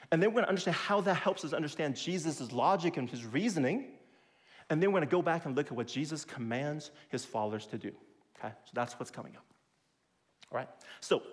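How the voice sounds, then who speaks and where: Emphatic higher-voiced male pastor preaching. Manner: emphatic, repeats key points slowly; acts out quoted voices with big pitch jumps. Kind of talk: sermon.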